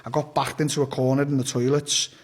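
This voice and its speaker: A man's voice: medium pitch, level tone, fast talker, breathy edge. A young man telling a story on a podcast, rambling and blunt, swearing freely and often restarting his sentences. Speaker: podcast guest. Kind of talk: casual storytelling.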